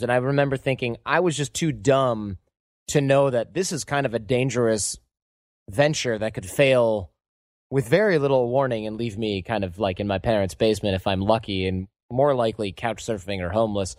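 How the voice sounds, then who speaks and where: A man's voice: mid-range voice, normal speed, darkish tone, no echo. Guy hosting an interview, self-deprecating, reflective, dry close mic. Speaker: podcast host. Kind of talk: casual interview conversation.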